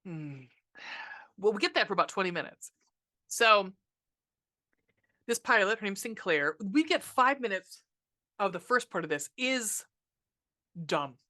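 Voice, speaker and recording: Sarcastic, bright-voiced woman podcaster. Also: mid-range voice, lively intonation, measured pace, pauses often. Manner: sarcastic, profane, exasperated. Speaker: podcast host reviewing a movie. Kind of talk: casual ranting movie review.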